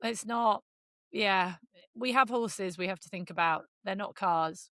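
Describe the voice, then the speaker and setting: A woman's voice: medium pitch, measured pace, fairly bright tone, dry recording, studio quality. A woman co-hosting a podcast in casual chat, blunt and ranting, swearing freely. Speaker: podcast co-host.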